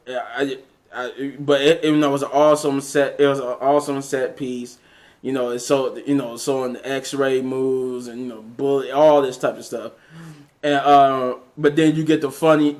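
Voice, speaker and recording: Rambling man recapping a movie. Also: mid-range voice. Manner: rambling, many fillers and restarts, retells scenes with quoted lines. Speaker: movie reviewer. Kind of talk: casual spoken movie recap.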